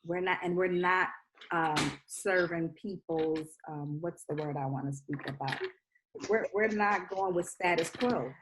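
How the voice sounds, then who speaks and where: A woman in a casual TV recap chat who gives considered opinions and pauses to search for words. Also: fairly low pitch, noisy background. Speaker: podcast co-host.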